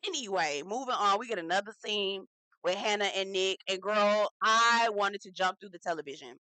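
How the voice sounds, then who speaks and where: Sassy woman with a bright voice recapping TV. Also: medium pitch, normal speed, dry recording. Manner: sassy, animated, talks straight to viewers with frequent "okay?" and "girl". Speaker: reality TV recap host. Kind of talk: casual recap commentary.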